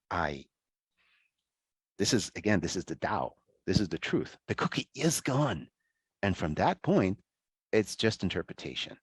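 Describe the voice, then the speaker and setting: A man with a fairly low voice lectures over a video call, rising and falling widely as he talks. His delivery is conversational and animated, full of restarts and quick asides. The sound is dry and close, with no room around it. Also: breathy edge, dry recording. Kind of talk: online lecture.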